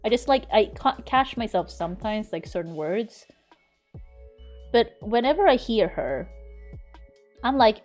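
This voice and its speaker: Animated Swedish-born woman streamer. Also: on the high side, moderate pace, faint music behind. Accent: faint Swedish under an American-learned English. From Sweden. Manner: chatty, laughs often, swears casually. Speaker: game streamer. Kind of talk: casual live-stream chat while gaming.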